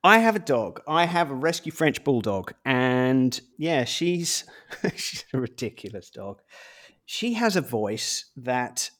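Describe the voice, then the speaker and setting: A man's voice: medium pitch, big pitch swings, takes it slowly, fairly bright tone. Teasing male podcast host. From England. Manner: teasing, playful. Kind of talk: casual chat.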